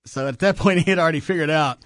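A man's voice: fairly high pitch, rapid-fire, dry recording. A man hosting a radio show, telling stories in casual studio banter and laughing often. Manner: animated, laughing storyteller.

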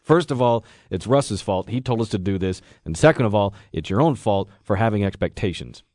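Man, co-host, teasing jokester, animated pitch, dry close sound. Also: a little fast, dry recording. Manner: joking, teasing. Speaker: radio show co-host. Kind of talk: casual studio banter.

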